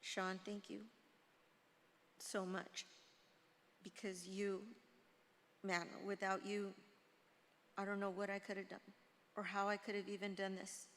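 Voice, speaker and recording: A woman giving a heartfelt funeral tribute in halting, short phrases. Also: mid-range voice, completely flat delivery, fairly bright tone. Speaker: eulogy speaker. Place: church sanctuary. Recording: reverberant church hall.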